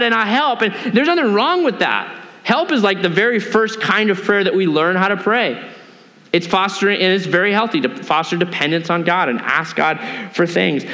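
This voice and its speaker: A man's voice: high-pitched, sharp tone, in a large hall. A male pastor preaching a sermon in a church, earnest and often asking the congregation questions. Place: church sanctuary.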